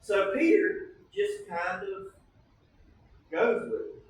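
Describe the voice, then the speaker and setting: A man's voice: high-pitched, big pitch swings, slow pace, pauses often, heavy reverb, recorded from a distance, slight background noise, poor audio. A man preaching a sermon as pastor, teaching in a conversational way and often checking in with the congregation. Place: church sanctuary.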